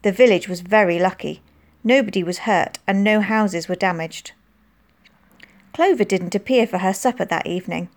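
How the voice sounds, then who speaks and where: A woman narrates a children's novel aloud with lively, expressive delivery. Her pitch sits in an ordinary middle range, and she shifts it up for dialogue. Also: moderate pace. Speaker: audiobook narrator.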